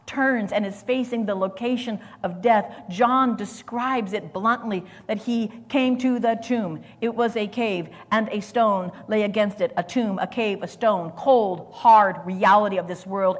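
A woman preacher delivering a sermon with dramatic swings between loud, forceful lines and near whispers. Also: mid-range voice, in a large hall.

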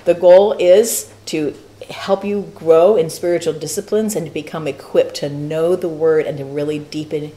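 A woman teaching a church Bible study class, talking in a lively, playful way with frequent laughs and asides. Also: deep voice, moderate pace.

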